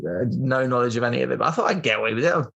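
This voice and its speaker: A man's voice: mid-range voice, racing, vocal fry, fairly bright tone. Chatty British man telling a long story. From Britain. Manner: rambling, chatty, lots of "like" and "um" fillers. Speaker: guest. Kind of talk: casual storytelling interview.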